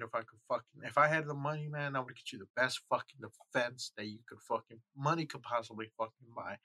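A man's voice: mid-range voice, pushed and bright, dry recording. A man hosting a podcast, reading news aloud and breaking into heated, profane rants. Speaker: podcast host. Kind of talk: angry commentary.

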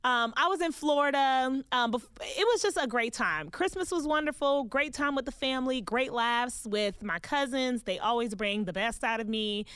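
Woman hosting her podcast from a booth, high bright voice, super bouncy and playful. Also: moderate pace, hardly any pauses, smooth, no room sound, studio quality. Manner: exuberant, playful, gushing. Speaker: podcast host. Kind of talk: casual podcast chat. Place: recording booth.

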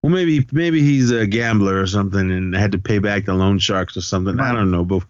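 A man's voice: lowish voice, brisk, smooth, no room sound, lo-fi sound. A man co-hosting a podcast, loosely retelling a film's plot and acting out the characters' lines. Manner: loose storytelling, acts out quotes, profane. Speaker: podcast co-host. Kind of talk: casual movie recap.

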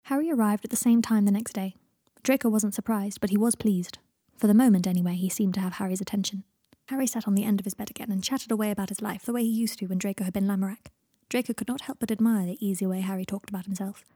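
A woman narrating a fan fiction audiobook in a steady, measured reading voice. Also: medium pitch, breathy edge, dry recording, clean studio sound.

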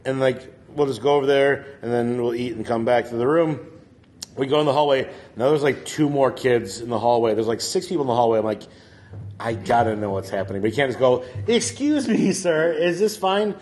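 A man's voice: mid-range voice, steady tone, fast talker, darkish tone. A man telling a rambling story to friends in casual chat, laughing often and filling with "like". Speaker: storyteller on a comedy podcast.

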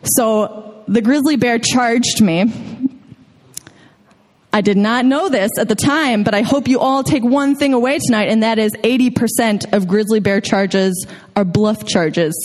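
A woman's voice: fairly high pitch, unhurried, big-room sound. A young woman telling a true story live on stage to an audience, chatty and casual with plenty of filler words.

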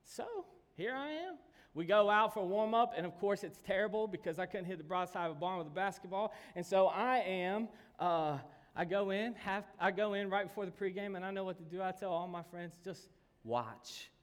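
A man's voice: high voice, a little fast, hardly any pauses, clean tone. Man preaching in a reverberant hall. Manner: storytelling, swings from calm to sudden shouts. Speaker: pastor. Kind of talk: sermon.

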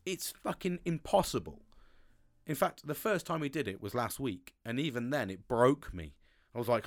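A man, talking candidly and excitably to camera, swearing constantly and restarting sentences. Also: moderate pace, creaky. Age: 40s. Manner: swears constantly, animated, pitch jumps with excitement. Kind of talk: candid monologue.

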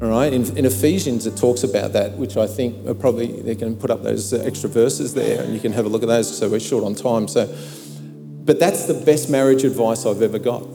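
A man's voice: medium pitch, brisk, gravelly. A middle-aged man preaching a sermon, telling a personal story in a chatty way with many fillers. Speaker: pastor. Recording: long hall reverb, faint music.

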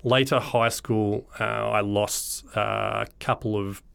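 Low-voiced Australian man telling his story. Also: fairly even intonation, slow, gravelly, fairly bright tone, smooth. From Melbourne, Australia. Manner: easygoing, reflective, laughs often. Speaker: guest, charity founder. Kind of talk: casual interview storytelling.

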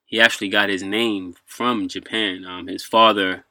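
A man's voice: on the low side, fairly even intonation, moderate pace, sharp tone. A man hosting a casual podcast, asking the guest short questions. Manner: asks questions, brief backchannels. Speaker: podcast host.

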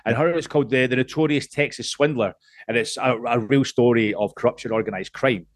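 A man's voice: mid-range voice, a little fast, dry recording, studio quality. A man in his late thirties, from Scotland, talking as a podcast guest in a casual chat. He rambles, restarts a lot and swears freely. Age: late 30s.

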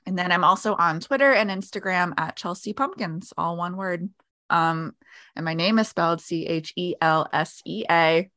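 A woman's voice: lowish voice, moderate pace, pushed and bright, no room sound, studio quality. A woman co-hosting a casual podcast, chatty with frequent fillers. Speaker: podcast co-host.

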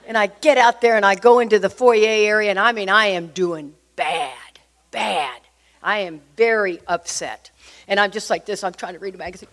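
A middle-aged woman tells a personal story to an audience. She is lively and confiding, and she keeps pulling her listeners in. Her voice sits at an ordinary middle pitch. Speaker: speaker sharing a recovery story.

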